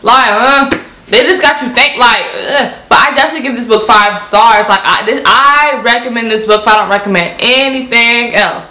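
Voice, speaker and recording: A young woman, casually reviewing books in an animated, repetitive way. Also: on the high side, fairly quick, few pauses, echoey room. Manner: animated, repeats herself, lots of "like". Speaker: book reviewer. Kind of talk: casual book review vlog.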